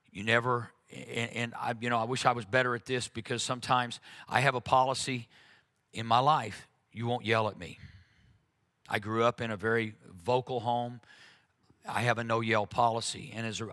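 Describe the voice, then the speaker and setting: A man's voice: mid-range voice, sharp tone. A man preaching a conversational sermon, talking earnestly and frankly, with frequent "uh"s and restarts.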